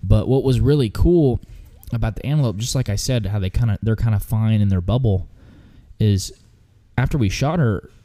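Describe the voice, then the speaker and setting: Guy with a lowish warm voice just chatting thru a hunt story, kinda rambly, lots of ums. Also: moderate pace. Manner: rambling, many fillers and restarts. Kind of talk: casual storytelling.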